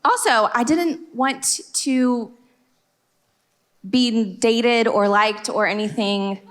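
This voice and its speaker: A woman's voice: fairly high pitch, slow. A young woman chiming in with teasing remarks as she and her husband tell their story to students. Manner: teasing, laughing, chimes in. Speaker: co-speaker. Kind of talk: playful storytelling talk to students.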